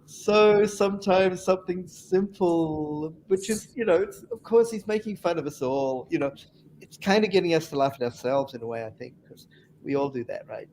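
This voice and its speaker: A man's voice: a little high, moderate pace, a little mellow, a little hiss or hum. A man on a webinar panel telling funny anecdotes in a chatty way and laughing at his own stories.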